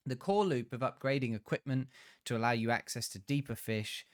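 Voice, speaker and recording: Brief: a male podcast host reading a written review, steady and measured, smooth tone. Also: mid-range voice. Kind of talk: reading a scripted game review.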